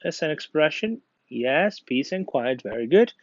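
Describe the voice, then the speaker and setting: A man's voice: a little high, very animated, a little slow, no room sound. A male English teacher with an Egyptian accent, patiently going through grammar exercises and praising the class. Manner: patient, encouraging, reads exercises aloud. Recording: dull lo-fi dry recording.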